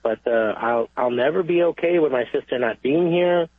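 Casting: man, radio caller, earnest and halting, dry tinny phone sound. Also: medium pitch, dry recording. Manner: halting, repeating himself, earnest. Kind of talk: call-in radio testimony.

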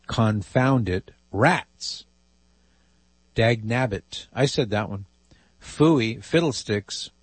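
A man's voice: lowish voice, no echo. A man hosting a call-in radio show, reading listener emails aloud with amused asides. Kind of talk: casual call-in radio talk.

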